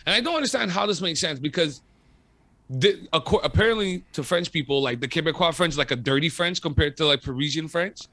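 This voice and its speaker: Guy radio host, high-ish bright voice, swears a lot, fired up, dry close sound. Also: fairly quick, no echo. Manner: animated, profane, emphatic storytelling. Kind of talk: casual interview chat.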